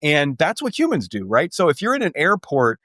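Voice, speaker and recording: A male author who is a guest on a podcast, explaining ideas in a measured, lecturing way. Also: fairly high pitch, wildly swooping pitch, sharp tone, no room sound, clean studio sound. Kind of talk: explanatory interview talk.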